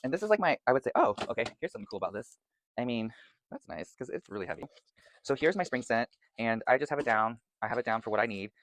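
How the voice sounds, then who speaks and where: A man's voice: medium pitch, animated, fast talker, fairly bright tone. A man chatting casually and enthusiastically to camera as he shows off his candles, rambling and gushing about scents. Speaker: vlogger reviewing candles. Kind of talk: casual product chat.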